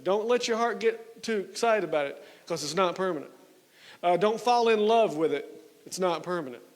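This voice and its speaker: A male pastor preaching a sermon, emphatic, slowing and dropping low and soft on key words. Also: animated, in a large hall. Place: church sanctuary.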